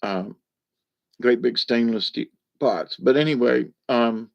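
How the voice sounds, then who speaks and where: Gravelly folksy man rambling through stories. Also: mid-range voice, takes it slowly. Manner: folksy, rambling, chuckles often. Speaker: vlogger. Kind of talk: casual storytelling monologue. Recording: dull lo-fi recording.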